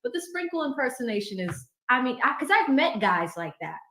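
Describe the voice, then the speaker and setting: A woman's voice: high voice, big pitch swings, bright, forceful tone. A woman hosting a livestream in a casual, chatty and upbeat manner, reading out viewer super chats. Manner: chatty, upbeat, quick asides. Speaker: livestream host. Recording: echoey room.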